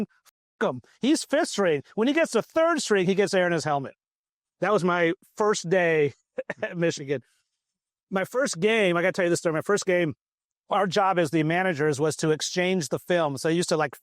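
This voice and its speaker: A man recalls his first days as a team manager, animated and punchy as he plays each character in the story. His voice is a touch higher than most men's. The recording is dry and close. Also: dry recording. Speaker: former football student manager. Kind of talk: casual storytelling interview. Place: outdoors at a golf event.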